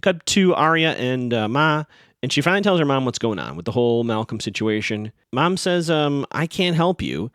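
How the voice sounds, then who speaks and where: A man's voice: medium pitch, lively intonation, normal speed, fairly bright tone, clean tone, dry recording, clean studio sound. A man hosting a podcast, recapping a TV episode in a rambling, sarcastic, amused way. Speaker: podcast host.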